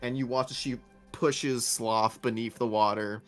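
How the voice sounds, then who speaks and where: A man's voice: medium pitch, fairly even intonation, unhurried, soft background music. A man narrating a tabletop game as game master, telling the scene vividly with laughs and swearing.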